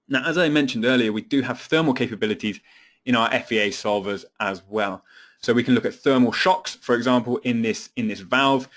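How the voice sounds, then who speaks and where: A man, an application engineer, presents a technical software webinar in a medium-pitched voice. He explains steadily but uses frequent fillers and repeated words.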